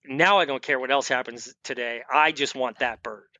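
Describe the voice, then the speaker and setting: A man's voice: medium pitch, normal speed, sharp tone, dry recording. A man guest on a podcast, casually telling a rambling story full of restarts and acted-out quotes. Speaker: guest, firearms expert and veteran.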